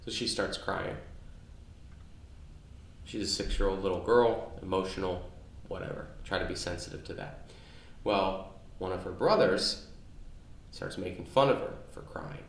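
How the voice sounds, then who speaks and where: A man's voice: low-pitched, measured pace, creaky, slight background noise. A man in his thirties, a podcast co-host, telling family anecdotes in a rambling, casual way with many restarts, recorded on location. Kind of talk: casual storytelling chat. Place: on location near his home. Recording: echoey on-location recording with faint ambience.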